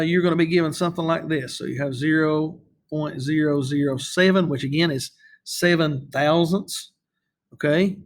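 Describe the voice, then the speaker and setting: A man teaching a recorded math lesson, patient and repeating himself, often checking in with "okay?" as he writes on the screen. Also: a little high.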